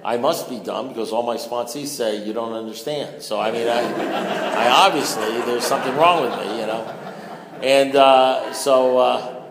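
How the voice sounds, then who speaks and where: A man's voice: mid-range voice, normal speed, background noise. An older man speaking at a recovery meeting, telling a profane, joking story and acting out both sides of the conversation. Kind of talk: storytelling talk to an audience. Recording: roomy hall with long echo.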